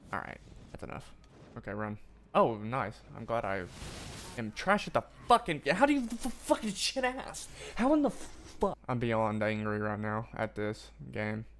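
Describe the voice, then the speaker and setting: Swearing, animated male game streamer. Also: fairly low pitch, a little hiss or hum. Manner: swears a lot, frustrated outbursts and self-mockery; mutters to himself between loud yelps. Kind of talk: live gameplay commentary.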